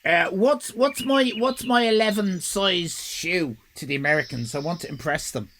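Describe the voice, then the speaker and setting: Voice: mid-range voice, normal speed, fairly bright tone, slight background noise. An Irish live-stream host chatting casually with viewers, rambling and swearing in mock outrage. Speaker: livestream host.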